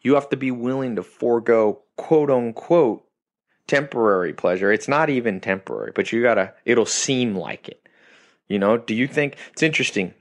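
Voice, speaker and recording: A man's voice: medium pitch, moderate pace, no echo. A man hosting a podcast, delivering an emphatic motivational monologue in short, punchy phrases that repeat key points. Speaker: podcast host.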